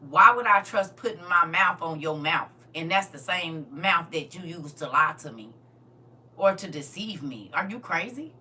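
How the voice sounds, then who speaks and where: A woman's voice: on the low side, animated, normal speed, bright, forceful tone. A middle-aged woman on a podcast, blunt, sassy and emphatic, giving frank relationship opinions in casual chat.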